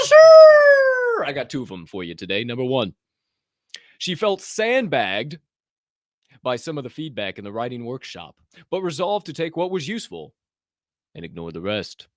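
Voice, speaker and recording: A man's voice: on the low side, very animated, a little fast, fairly bright tone, dry recording, studio quality. A man hosting a podcast, joking and swearing casually, laughing at his own bits. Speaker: podcast host. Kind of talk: casual chat.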